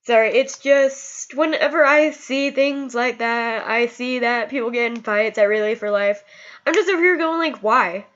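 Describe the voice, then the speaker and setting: An upset young woman speaks straight to her camera, her fairly high voice rising and falling as she scolds and repeats herself. The sound is dull and lo-fi, like a cheap webcam mic. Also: normal speed, a bit bright. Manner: impassioned, scolding, repeats words. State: emotional, upset. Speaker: vlogger. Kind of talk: emotional personal vlog.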